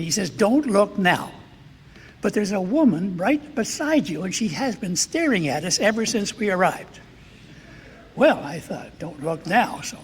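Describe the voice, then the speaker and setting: Older priest, high-pitched, storytelling speech, long hall echo, faint noise behind. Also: male voice. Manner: storytelling, acting out quoted dialogue. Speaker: Jesuit priest accepting a medal. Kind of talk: anecdotal acceptance speech.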